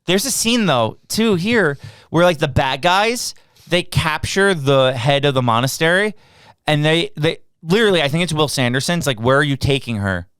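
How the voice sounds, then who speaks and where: A man's voice: fairly high pitch, expressive, unhurried, a bit bright, clean tone, no echo, studio quality. A man co-hosting a podcast, recapping a film in casual chat with an exasperated, sarcastic edge. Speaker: podcast co-host. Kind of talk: casual movie review chat.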